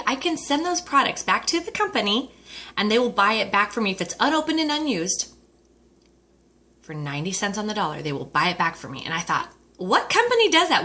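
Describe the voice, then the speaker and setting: A woman's voice: medium pitch, sharp tone. A woman consultant telling her personal story, acting out the voices of the people in it. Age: adult with a husband, dating herself. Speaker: Mary Kay consultant. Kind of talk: personal story told to an audience.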